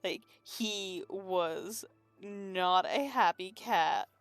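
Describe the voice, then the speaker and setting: Woman chatting slow and rambly on stream, laughs a lot, swears a bit, faint music in the back. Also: medium pitch, clear, resonant tone, no echo. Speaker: streamer and comic artist. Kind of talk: casual chat while drawing. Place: at home in her room.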